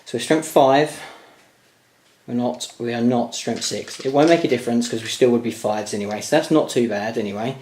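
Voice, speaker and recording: A man's voice: medium pitch, normal speed, a little mellow. A man talking viewers through his tabletop wargame dice rolls, addressing them as guys. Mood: eager. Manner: talks to viewers as guys, hopeful and tense over rolls. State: tired late at night. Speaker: wargame player and channel host. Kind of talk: excited dice-rolling commentary to viewers.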